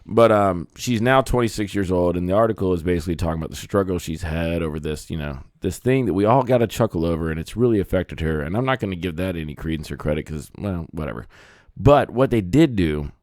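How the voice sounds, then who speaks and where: A man's voice: low-pitched, animated, fast talker, darkish tone, dry recording, studio quality. A man hosting a casual comedy podcast, joking around in a laid-back way and chuckling often. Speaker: podcast host.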